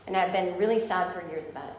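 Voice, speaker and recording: A woman stand-up comedian doing animated, profane storytelling in a live club. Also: lowish voice, fast. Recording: echoey club room, faint noise.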